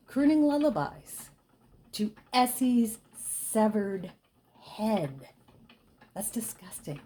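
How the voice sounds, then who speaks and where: Chatty woman telling a spooky tale. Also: medium pitch. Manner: chatty with dramatic hushed dips. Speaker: storyteller. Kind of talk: casual spooky storytelling.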